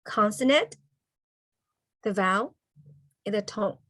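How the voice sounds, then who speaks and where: A woman's voice: medium pitch, fairly bright tone, dry recording. Woman teaching over a video call. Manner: checks in with "okay?" after nearly every point; slow, careful spelling-out of letters and sounds. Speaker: Hmong language teacher. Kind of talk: online language lesson.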